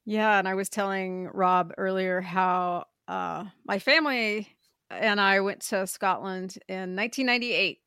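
A woman's voice: mid-range voice, steady tone, a little slow, smooth, no room sound. A middle-aged woman hosts a podcast, first reading a scripted introduction and then chatting easily. She laughs often, and her voice sits dry and close to the microphone. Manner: bright and warm, laughs often. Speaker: podcast host.

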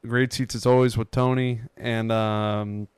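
A young man on a podcast telling excited, rambling stories in casual chat. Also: mid-range voice, measured pace, smooth, no echo, studio quality. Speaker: podcast co-host.

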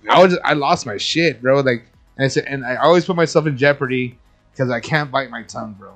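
A man's voice: mid-range voice, soft background music. A man in his thirties co-hosting a casual podcast, telling a heated story with lots of swearing and slang. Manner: profane, animated storyteller, quick to anger. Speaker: podcast co-host. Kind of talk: casual chat.

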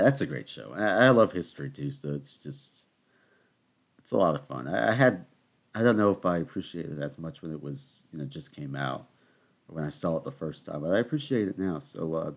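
A young man with a deep, low voice rants on his own show. He rambles through stories, stops to talk straight to his listeners, and keeps a loose, joking tone. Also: expressive, normal speed, gravelly. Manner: chatty, rambling, addresses listeners as people. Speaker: podcast host. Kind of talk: solo comedic rant.

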